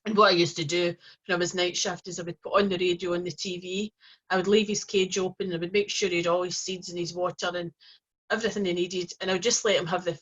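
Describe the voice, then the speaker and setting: A woman hosting her own channel, telling a personal story in a gentle, rambling way with many restarts. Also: lowish voice, little pitch movement, quick pace. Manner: gentle, rambling, with frequent restarts and soft fillers. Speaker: host. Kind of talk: casual personal storytelling to camera. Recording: dull lo-fi recording.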